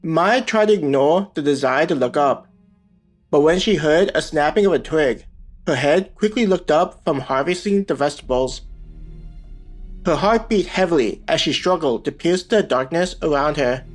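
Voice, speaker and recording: A man reading a web novel aloud as scripted audiobook narration, in a steady, even manner. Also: fairly high pitch, moderate pace. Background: faint background music.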